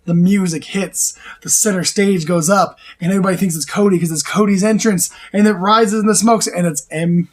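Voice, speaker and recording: A man hosting a casual chat, excitable and rambling, laughing often and restarting his sentences. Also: high-pitched, brisk, few pauses. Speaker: show host.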